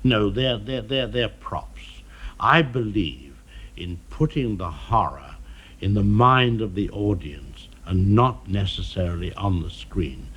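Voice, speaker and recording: A man being interviewed in an archival television conversation, speaking in a measured, dryly witty way, pausing often with "uh". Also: lowish voice, animated, a bit bright, slightly rough, muffled recording. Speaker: film director being interviewed.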